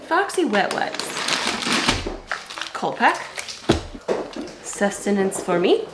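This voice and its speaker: A woman's voice: mid-range voice, sing-song, very slow, reverberant, loud music behind the voice. A woman in her thirties chatting casually in a get-ready-with-me vlog, rambling and poking fun at herself while she gets ready at home. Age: 30s. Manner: chatty, self-mocking, rambling. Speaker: vlogger and kitten foster.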